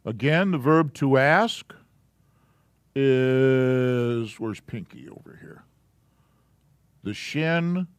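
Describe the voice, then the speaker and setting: A man's voice: medium pitch, expressive, extremely slow, pauses often, clean tone, no room sound. A man teaching the Hebrew alphabet to a live class in a church, patiently walking through letters and sounds step by step.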